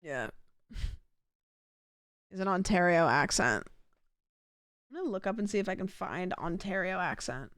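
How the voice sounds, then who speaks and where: A woman's voice: lowish voice, sing-song, unhurried, pauses often, fairly bright tone, no echo, studio quality. A woman streaming a game live, chatting casually, rambling and curious with lots of fillers and questions. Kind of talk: casual live-stream chat while gaming.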